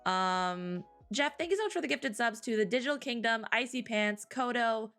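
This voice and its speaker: A woman co-hosting a live stream, chatting casually, tired after a cry, with frequent giggles and drawn-out exclamations. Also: on the high side, expressive, a bit bright, soft background music. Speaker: streamer co-host.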